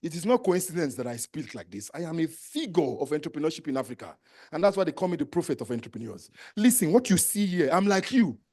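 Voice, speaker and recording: A man with a Nigerian accent delivers a live motivational talk on entrepreneurship, his voice pitched high for a man. He is emphatic and exhorting, repeats commands to his listeners, and drops into Pidgin phrases. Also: sing-song, fast talker, darkish tone. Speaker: entrepreneurship trainer.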